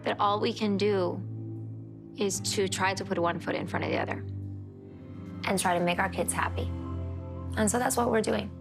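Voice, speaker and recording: A woman's voice: mid-range voice, moderate pace, creaky, long pauses, over music. Earnest woman in a reflective interview. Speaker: reality show cast member. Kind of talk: confessional interview.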